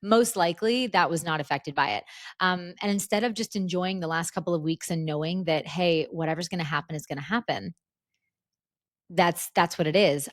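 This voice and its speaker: A woman in her thirties hosting a podcast, telling a personal story in a casual, animated way with lots of restarts. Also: on the low side, no room sound, studio quality. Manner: animated, breathless retelling with many restarts. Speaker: podcast host.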